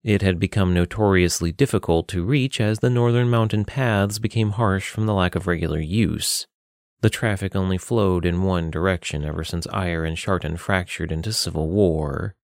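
A man reading a fantasy story aloud in a steady, measured way. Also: low-pitched, no room sound, clean studio sound. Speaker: narrator. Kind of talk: fantasy audiobook narration.

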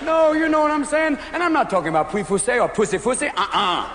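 Manic high-voiced male stand-up comic. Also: big pitch swings. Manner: rapid-fire, jumps into many silly voices. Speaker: stand-up comedian. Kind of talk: stand-up comedy. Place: comedy venue with audience. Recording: loud live audience, noisy hall reverb.

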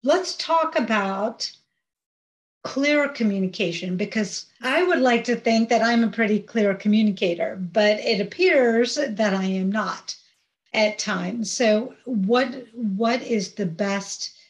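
A woman hosts the conversation at a medium pitch, speaking in a measured, even way. She sets up each topic briefly before handing over to her guest. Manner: measured, leads topics with short summaries. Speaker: podcast host. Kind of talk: interview hosting.

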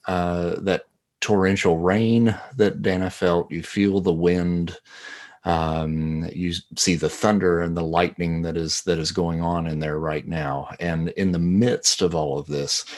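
A man narrating as game master of a tabletop horror game, deliberate and often pausing on fillers. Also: low-pitched, a little mellow.

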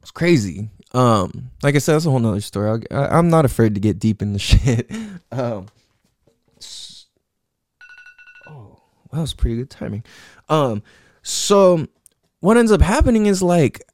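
A man's voice: medium pitch, sing-song, normal speed, long pauses, darkish tone, no room sound. A young man in his twenties telling his life story in a loose, rambling monologue, swearing often and leaning on "like" and "you know what I'm saying".

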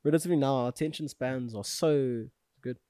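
A man's voice: mid-range voice, a little fast, mellow, no room sound, studio quality. A young man in his twenties chatting casually as a podcast co-host, rambling with lots of fillers and casual swearing. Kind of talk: casual chat.

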